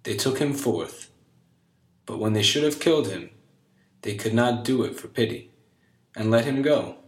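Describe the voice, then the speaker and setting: A man reading an old fairy tale aloud in a measured storybook style. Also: mid-range voice, animated. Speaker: narrator. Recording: echoey room.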